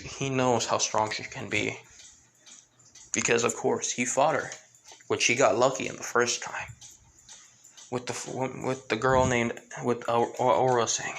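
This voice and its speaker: Man, casual fan-story narrator, gravelly, loose and rambling. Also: medium pitch, fairly bright tone, slight background noise. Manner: rambling with many restarts and fillers.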